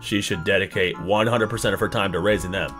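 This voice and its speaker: A man reacting to clips as a streamer, talking crudely and mockingly, his voice swinging between loud outbursts and mutters. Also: sits low, quick pace, over music. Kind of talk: casual reaction commentary.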